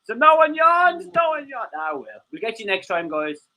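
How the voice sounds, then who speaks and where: A man's voice: very high voice, sing-song, moderate pace, pushed and bright, a little hiss or hum, rough recording. A man co-hosting a livestream, rambling and joking, swearing freely and greeting viewers in the chat. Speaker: co-host of a livestream show. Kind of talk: casual chat.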